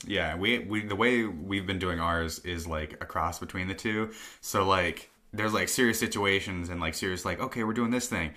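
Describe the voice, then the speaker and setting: A man's voice: sits low, normal speed, bright, forceful tone. A young man co-hosting a podcast in casual chat, laid-back, laughing often and saying "like" a lot. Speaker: podcast co-host.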